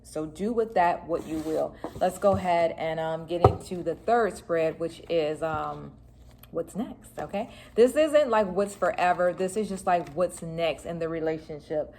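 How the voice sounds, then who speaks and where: A woman talks through a tarot reading straight to camera. Her delivery is chatty and loose, full of fillers, and her voice sits a little low. Faint noise runs behind her. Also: a little slow, darkish tone. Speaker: tarot reader.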